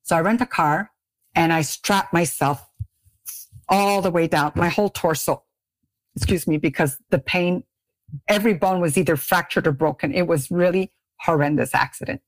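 A woman's voice: moderate pace, no room sound. A middle-aged woman from Canada, a beauty brand founder, telling a story as a podcast guest and jumping into quoted voices. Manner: lively, acts out quoted voices with big pitch jumps. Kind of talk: animated storytelling in a podcast interview.

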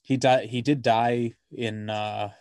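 A man's voice: mid-range voice, fairly even intonation, takes it slowly, darkish tone. A man co-hosting a podcast, chatting casually about a movie, rambling with lots of "like" and swearing freely. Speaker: podcast co-host.

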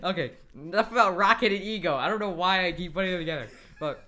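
A man's voice: high voice, fast, bright, forceful tone. A man co-hosting a casual podcast, complaining about a film, laughing often and tripping over his words. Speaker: podcast co-host. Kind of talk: casual chat, film review.

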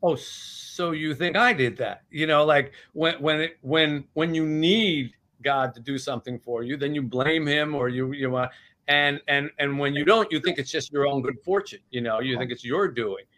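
This author, a man in his sixties, has a fairly high-pitched, fairly bright voice at a moderate pace. In a casual interview about his book he's chatty, animatedly retelling scenes and doing the voices.

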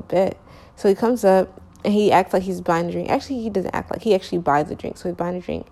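A woman's voice: on the low side, a little mellow. A young woman casually telling a long personal story, rambling with lots of fillers and slang, correcting herself as she goes, sleepy and yawning.

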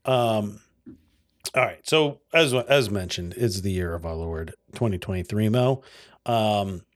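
A man's voice: on the low side, lively intonation, measured pace, no echo, clean studio sound. A man co-hosting a podcast in casual chat, talking loosely and rambling, often restarting his sentences. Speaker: podcast co-host.

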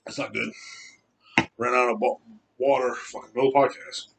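A man's voice: medium pitch, fairly even intonation, normal speed, gravelly, background noise. A man in his thirties hosting a podcast, ranting heatedly and rambling, swearing often. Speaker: podcast host. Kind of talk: casual rant.

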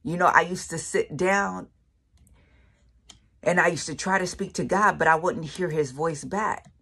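A woman's voice: fairly low pitch, measured pace, gravelly, bright, forceful tone, breathy edge. A woman preaching her personal faith testimony in a casual, colloquial way, emphatic and repeating phrases for effect. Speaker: faith speaker sharing testimony.

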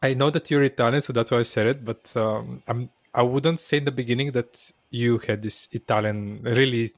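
A man hosts a casual interview and asks curious questions at a middle pitch. His voice sounds dry and close, with no room sound. He uses a few fillers as he goes. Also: steady tone, normal speed, no room sound. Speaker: interview host.

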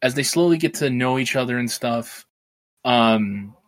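A man's voice: medium pitch, measured pace. A man co-hosting a podcast, casually recapping a film's plot in a rambling way, swearing and laughing as he goes. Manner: rambling, swears freely, laughs while retelling. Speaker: podcast co-host.

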